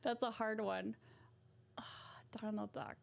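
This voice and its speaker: A woman's voice: medium pitch, steady tone, slow pace, gravelly. A young woman hosting a casual livestream, chatty and giggly as she talks to her viewers. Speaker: livestream host.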